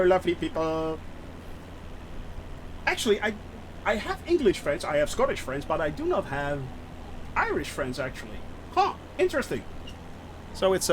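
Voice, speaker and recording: A man's voice: high-pitched, fairly bright tone, a little hiss or hum. A man streaming a flight simulator and chatting with viewers in a rambling, giggly way, often breaking off to laugh. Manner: rambling, giggly, talks to chat. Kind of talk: live-stream chat with viewers.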